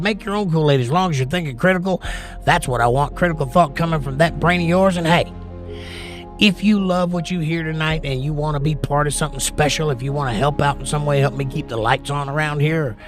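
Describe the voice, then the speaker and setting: A man hosting a casual livestream, reading viewer comments aloud in a folksy, drawling way. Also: medium pitch. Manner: laid-back, folksy, drawling. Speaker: livestream host.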